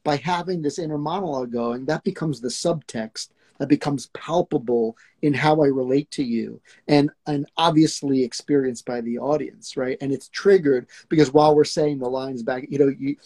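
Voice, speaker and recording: Acting coach, husky voice, earnest explainer, casual chat. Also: male voice, mid-range voice, steady tone, moderate pace, hardly any pauses, a little mellow. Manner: earnest, explains with acted-out examples. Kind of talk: casual live discussion.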